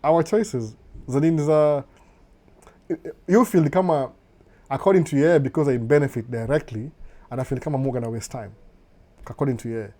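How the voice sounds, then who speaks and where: A man's voice: medium pitch, normal speed, long pauses, mellow. A middle-aged Kenyan man hosting a casual live stream, reading viewer comments and switching between Swahili and English, often saying "no, no" and chuckling.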